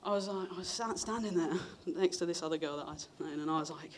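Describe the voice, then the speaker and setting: A man's voice: quick pace, a little hiss or hum. Guy preaching, chatty story, jumps way up to act out other people. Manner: chatty storytelling, acts out quoted voices with big pitch jumps. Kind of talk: personal testimony in a sermon.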